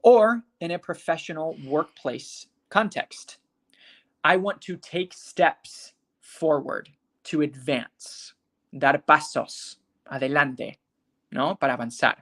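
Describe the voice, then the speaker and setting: Slow, careful online English teacher. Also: mid-range voice, a bit bright. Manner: slow, careful enunciation of example words; addresses students by name, checks understanding often. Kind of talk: live online language class.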